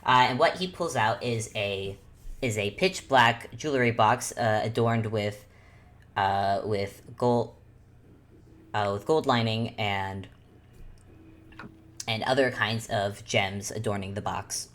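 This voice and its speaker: Very low-voiced woman narrating a game. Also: slow, long pauses. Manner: rambling, self-correcting narration with frequent laughs. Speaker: game master.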